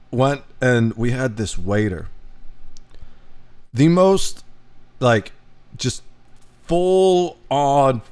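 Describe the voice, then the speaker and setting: A man from the United States talks on a casual reaction stream at a middle pitch. He rambles animatedly, jumping between stories and reactions.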